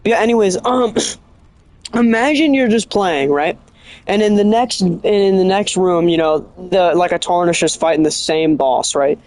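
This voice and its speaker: An excitable streamer rambling about a game, often stopping mid-thought to correct the story. The voice is middle-pitched and animated. The sound is dry, with little room echo. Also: measured pace. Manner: rambling, excitable, keeps restarting and correcting itself; animated storytelling with bursts of laughter. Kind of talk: casual streaming chat.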